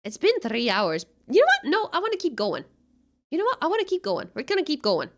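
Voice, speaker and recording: A young woman streamer chatting casually and excitably with her viewers, often giggling. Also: sits high, fairly quick. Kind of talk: casual live-stream chat.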